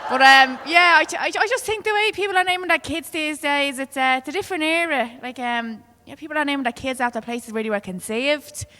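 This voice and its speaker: A woman's voice: sits high, brisk, hardly any pauses, bright, forceful tone, in a large hall. A woman with a Dublin accent doing a chatty stand-up set, full of fillers and broad local slang. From Ireland. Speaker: stand-up comedian.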